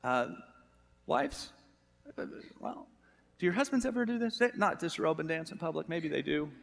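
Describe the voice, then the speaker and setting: A man's voice: on the high side, sing-song, normal speed, gravelly, big-room sound. An American man preaching a sermon, chatty and humorous, asking the congregation questions. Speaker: pastor.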